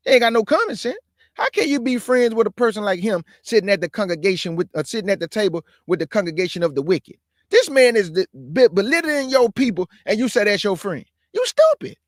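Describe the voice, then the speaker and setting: A man's voice: sits high, a bit bright, no room sound, clean studio sound. A man hosting his own stream, talking in a fiery, preachy way, repeating his points and calling his listeners family. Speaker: show host. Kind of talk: impassioned livestream commentary.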